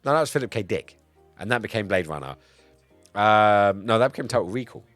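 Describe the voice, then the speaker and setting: A man streaming live in casual chat, a bit tipsy, excitable and swearing, swinging between loud outbursts and low mumbles. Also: fairly quick, dry recording, soft background music. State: tipsy from cider.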